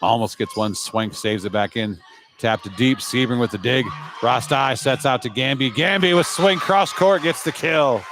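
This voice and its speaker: A man's voice: mid-range voice, a little hiss or hum. Man calling a volleyball match live. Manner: brisk, conversational, chatty asides. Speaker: play-by-play announcer. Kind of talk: live sports commentary.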